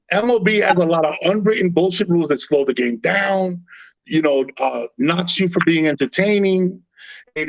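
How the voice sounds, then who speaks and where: A man in a casual sports chat, talking in an animated, slangy way and swearing freely. His voice sits a little high. The recording is dry and dull, like a lo-fi mic. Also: no echo.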